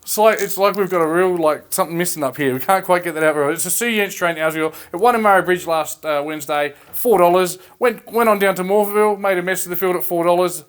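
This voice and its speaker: Jokey Australian male co-host, slightly raised pitch. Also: fast talker, hardly any pauses, smooth. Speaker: racing co-host and tipster. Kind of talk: casual racing chat.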